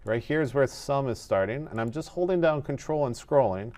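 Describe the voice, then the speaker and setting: A man teaching animation in a screen-recorded tutorial, explaining each step in a methodical, relaxed way. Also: medium pitch, fairly quick, slight background noise.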